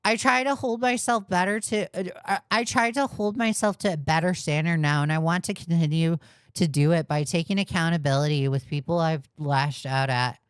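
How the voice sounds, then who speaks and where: A woman's voice: deep voice, steady tone, moderate pace, smooth, no room sound, clean studio sound. A woman giving sarcastic, exasperated reaction commentary. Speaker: commentary YouTuber.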